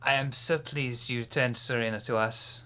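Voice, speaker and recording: A courteous, scheming French vampire speaks from under his hood in a rasp, performed by a male game master. The voice is bright and pushes forward, formal and gracious with a sly edge. This is live-streamed tabletop role-play. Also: medium pitch, measured pace. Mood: courtly. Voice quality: raspy, put-on French accent. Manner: formal and gracious, ends remarks with a teasing "huh?".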